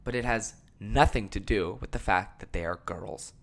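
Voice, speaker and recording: A young man hosting a podcast, ranting casually and swearing a lot, swinging from mumbled asides to loud exasperated outbursts. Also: on the low side, moderate pace, gravelly. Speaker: podcast host.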